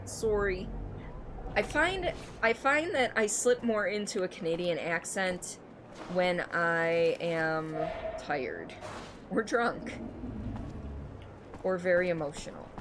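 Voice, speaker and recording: A young woman streams a game from home and chats easily with her viewers, often breaking into laughter. Her voice sits a little low, and a steady hum of noise runs under her mic. It sounds like a casual, unscripted gaming stream. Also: takes it slowly. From Michigan, United States. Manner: chatty, laughs often, talks to chat. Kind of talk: casual gameplay stream chat.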